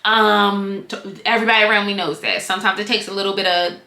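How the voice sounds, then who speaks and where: A woman giving a casual, slangy reality TV and wig review, animated and prone to wandering tangents. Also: mid-range voice, fast talker, reverberant.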